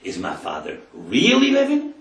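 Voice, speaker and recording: A man's voice: mid-range voice, huge pitch swings, moderate pace, vocal fry. A man, a rabbi, giving a Torah lesson. He retells the scripture dramatically and translates it verse by verse. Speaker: rabbi teaching a Torah class. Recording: roomy sound from a distant mic.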